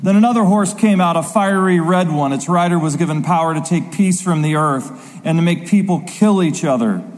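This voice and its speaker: A man preaching a sermon, reading scripture aloud dramatically with slow, emphatic stresses. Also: fairly high pitch. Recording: long reverb of a large hall.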